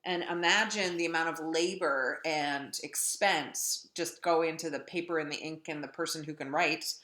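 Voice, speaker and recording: A woman lecturing on literature in a chatty, wry way, filling pauses with ums. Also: low-pitched, a bit bright. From North Dakota. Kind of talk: classroom lecture. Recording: echoey room.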